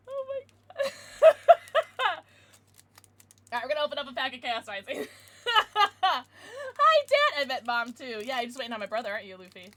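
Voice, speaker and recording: Brief: young female livestreamer, giggly and chatty with her viewers, high and animated. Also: moderate pace, long pauses. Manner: giggly, chatty, talking to chat. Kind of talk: casual livestream chat.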